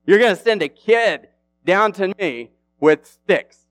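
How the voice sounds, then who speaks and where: A man voicing a boastful, taunting giant warrior in a loud, mocking voice during a sermon. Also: high-pitched, animated, slow, no room sound, pitched above the performer's own voice, exaggerated voice.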